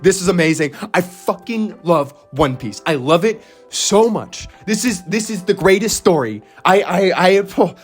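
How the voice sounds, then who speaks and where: A man's voice: sits high, lively intonation, unhurried, breathy edge, faint music behind. Overexcited young man gushing about a story. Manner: overexcited, swearing, laughing, voice cracking into squeals, stammering restarts. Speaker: anime and manga reaction host. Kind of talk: excited solo reaction talk.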